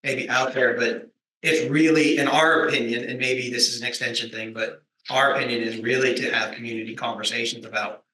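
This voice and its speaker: A thoughtful man explains things at an even pace, his voice bright and clear. The sound is roomy, with echo from a meeting hall. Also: medium pitch, brisk. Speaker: extension program leader. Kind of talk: panel discussion. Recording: echoey conference room.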